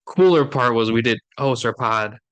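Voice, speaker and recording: Upbeat guy from minnesota co-hosting a podcast, crisp bright voice, laughs a lot. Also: medium pitch, normal speed. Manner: chatty, upbeat, laughs often. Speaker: podcast co-host. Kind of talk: casual chat.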